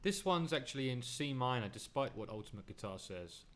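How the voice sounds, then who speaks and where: A man's voice: medium pitch, expressive, a little fast. A man teaching a song on the piano in a casual, chatty way, correcting himself as he goes. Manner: chatty, self-correcting, half-sings the lyrics while playing. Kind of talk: casual music lesson. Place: home studio with piano. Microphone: studio USB microphone. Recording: loud piano under the voice. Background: loud piano playing.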